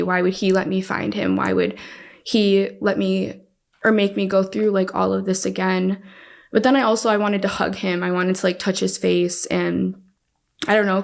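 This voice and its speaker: A young woman telling a personal story as a podcast guest, halting and restarting often. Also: mid-range voice, vocal fry.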